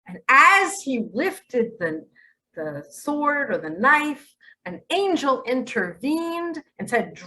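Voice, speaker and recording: Slow, bright-voiced woman preaching. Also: fairly high pitch, big pitch swings, poor audio. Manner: slow, emphatic, with sudden loud and hushed turns. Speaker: spiritual speaker. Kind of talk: religious monologue to camera.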